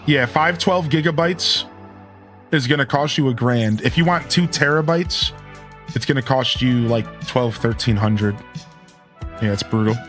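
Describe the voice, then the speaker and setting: A man's voice: medium pitch, fairly bright tone. A man hosting a live game stream, chatting casually and thanking viewers as he goes.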